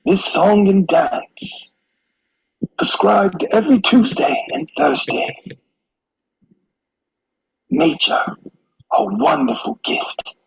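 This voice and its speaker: A man doing a gravelly hushed nature documentary narrator. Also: high-pitched, lively intonation, no echo, voice pushed up, exaggerated voice. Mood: reverent. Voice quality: gravelly, breathy, with audible breaths and clicks. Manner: slow, reverent and grand. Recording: dry, muffled lo-fi sound.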